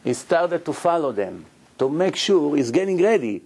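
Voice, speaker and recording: In this Torah lecture, a rabbi with a fairly high, slightly rough voice speaks at normal speed. He animatedly tells a story with acted dialogue, questions his audience, and uses non-native English grammar.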